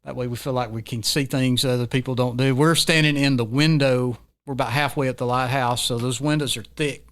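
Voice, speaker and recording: A man's voice: medium pitch, fairly quick. Folksy Southern American man. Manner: folksy, rambling, excitable. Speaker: podcast host. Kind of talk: casual conversation.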